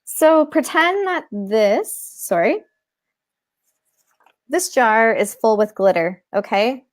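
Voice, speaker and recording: A woman guest who teaches mindfulness to children, explaining techniques in an animated way in a casual interview. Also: on the high side, slow. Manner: animated, demonstrates with props and breathing.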